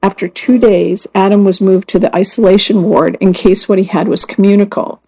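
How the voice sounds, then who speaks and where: A woman reading first-person magazine stories aloud as scripted narration, in a measured and earnest way. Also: mid-range voice, fairly even intonation, mellow, slightly rough, poor audio. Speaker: magazine story reader.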